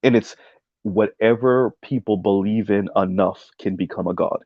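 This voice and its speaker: A man's voice: on the low side, moderate pace, breathy edge, dry recording, narrow, tinny audio. A man giving casual livestream commentary on a video essay, rambling with many ums and tagging his points with "right?". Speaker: streamer reacting to a video essay.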